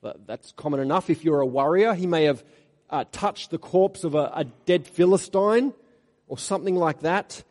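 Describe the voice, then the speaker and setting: A man preaching an expository sermon, reading scripture aloud with rising emphasis and then dropping to quiet asides. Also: a little high, normal speed. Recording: long hall reverb.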